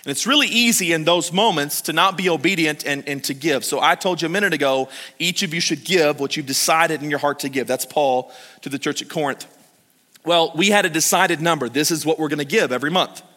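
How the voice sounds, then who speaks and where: Male pastor, middle-aged, sermon, storytelling, hushed then loud, slightly high voice, reverberant church. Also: brisk. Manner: swings from loud urgent calls to hushed intimate pleading; storytelling, addresses the congregation directly. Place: church sanctuary. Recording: long hall reverb.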